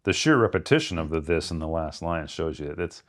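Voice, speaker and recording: A man co-hosting a podcast, thinking aloud about poems and reading lines of verse slowly with careful stress. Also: low voice, lively intonation. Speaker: podcast co-host. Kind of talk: casual literary discussion.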